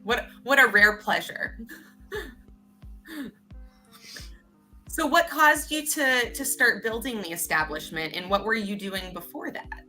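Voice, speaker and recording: Bright, rambling woman player. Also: fairly high pitch, slow, long pauses, soft background music. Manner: rambling and giggly, lots of "like" and "um". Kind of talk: casual tabletop role-play.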